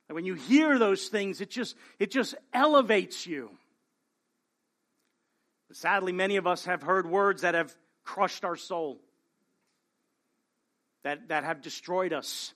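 A man's voice: fairly high pitch, measured pace, sharp tone. A male pastor preaching a sermon in an earnest way, often checking in with the congregation by asking "right?". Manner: earnest, keeps adding "right?" to his points.

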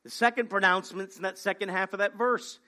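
A man's voice: high voice, fairly even intonation, quick pace, bright, forceful tone. A man preaching a sermon in an emphatic, conversational way, asking rhetorical questions and repeating key phrases.

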